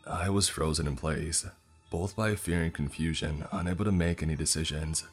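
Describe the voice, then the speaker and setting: A man narrates a horror story in a tense, measured way, his voice very deep and husky. Faint music plays under the reading. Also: fairly even intonation.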